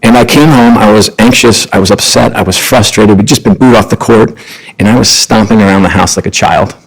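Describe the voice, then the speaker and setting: Gravelly low-voiced man telling stories. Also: fairly quick, low-quality recording. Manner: earnest, animated anecdote telling. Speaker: podcast guest, sports executive. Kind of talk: conversational storytelling.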